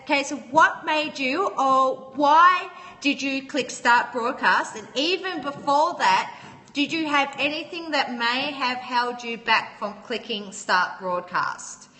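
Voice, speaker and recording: A woman's voice: high voice, takes it slowly, bright, forceful tone, long reverb tail. A woman hosting a casual livestream, chatting with viewers, greeting them by name and laughing often. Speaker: livestream host. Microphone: phone.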